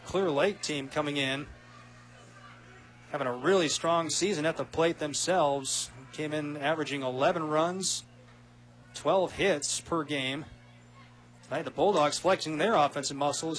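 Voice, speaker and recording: A man doing play-by-play radio commentary of a softball game, quick and rising with big plays. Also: fairly high pitch. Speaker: play-by-play announcer.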